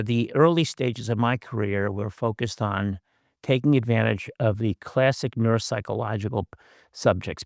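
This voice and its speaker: A man's voice: on the low side, vocal fry, no room sound, clean studio sound. An older man and professor giving a conversational lecture over a video call, with wry asides and frequent fillers. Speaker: guest speaker, professor.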